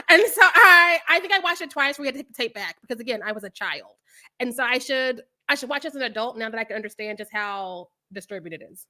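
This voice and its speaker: A young adult woman chatting as a podcast guest, telling stories with animated quoted voices and frequent laughter. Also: high-pitched, brisk. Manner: animated storytelling, acts out quotes, laughs often. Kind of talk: casual chat.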